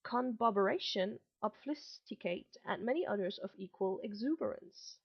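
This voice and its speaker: Through dull audio, a mid-range, creaky, husky voice speaks animatedly at a moderate pace. The speaker is a late-teen vlogger raised between Germany and Malaysia, with a faint blend of both accents in her English, rambling casually on webcam with many ums and restarts.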